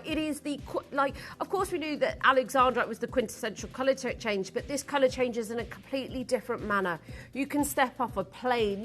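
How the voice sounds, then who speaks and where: A woman's voice: on the high side, fairly bright tone. A woman presenting on a live shopping channel, chatty, giggly and enthusiastic as she sells jewellery.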